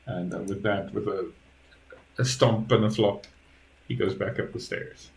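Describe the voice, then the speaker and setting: Slow-paced male dungeon master. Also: fairly low pitch, steady tone, gravelly, rough recording. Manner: slow, descriptive narration with hedging fillers. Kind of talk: narrating a tabletop game.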